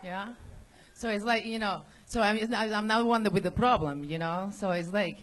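Halting woman comic with Spanish accent. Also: mid-range voice, poor audio. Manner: halting, laughs between words, lots of "you know". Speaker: open-mic comedian. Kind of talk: nervous stand-up set. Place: comedy club stage.

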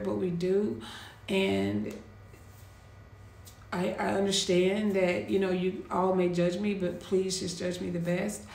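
Gravelly woman telling a painful story. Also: mid-range voice. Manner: slow, heavy pauses, quietly intense. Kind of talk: personal storytelling monologue. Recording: echoey room with faint ambient noise.

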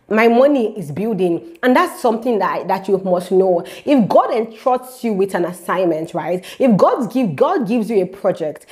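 A young woman telling her faith testimony to camera in a lively, repetitive storytelling way, speaking straight to her viewers. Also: mid-range voice. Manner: animated storytelling, repeats phrases, speaks directly to viewers. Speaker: vlogger sharing a faith testimony.

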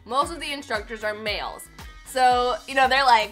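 Young woman, vlogger, crisp bright voice, slightly high, chatty and self-mocking, faint music underneath. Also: normal speed. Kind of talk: casual chat to camera. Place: indoors, sitting on a cardboard box.

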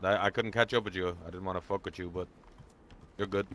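Quiet laid-back male gamer in voice chat. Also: low voice, steady tone, a little fast. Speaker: other player in voice chat. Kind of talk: casual in-game voice chat.

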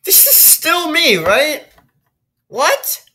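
A woman's voice: high voice, big pitch swings, drawn-out words, pushed and bright. A woman doing gameplay commentary, reading a text story aloud and reacting with incredulous, swearing, laughing remarks. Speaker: video game streamer.

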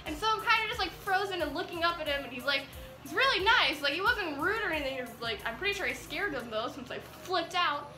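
A teenage girl telling an excited vlog story, rambling giddily with lots of "like"s. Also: very high voice, quick pace. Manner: giddy, rambling with many "like"s. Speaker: vlogger. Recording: echoey room with faint music.

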